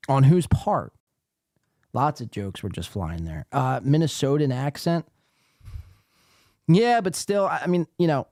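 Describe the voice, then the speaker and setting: A man's voice: medium pitch, darkish tone, no room sound, studio quality. A man from the East Coast hosting a podcast, reacting sarcastically to a livestream and reading chat aloud with plenty of swearing. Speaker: podcast host. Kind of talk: casual commentary on a livestream.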